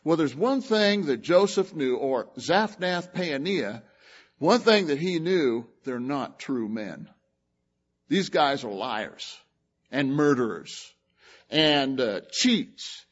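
A man preaching a sermon, retelling a scripture story with lively acted-out voices. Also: fairly high pitch, slow, lo-fi sound. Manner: animated storytelling, acts out the characters.

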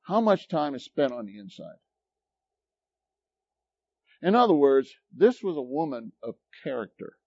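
Pastor guy preaching, animated and emphatic, dull dry lo-fi recording. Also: mid-range voice, a little slow, long pauses, no room sound. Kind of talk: sermon.

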